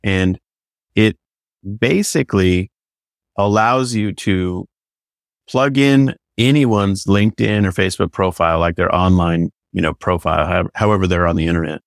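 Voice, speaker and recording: Here a deep-voiced man, heard in studio quality without room sound, talks casually on a podcast about his work as a business consultant and coach. He's eager and wandering in his delivery, repeatedly saying things like "you know."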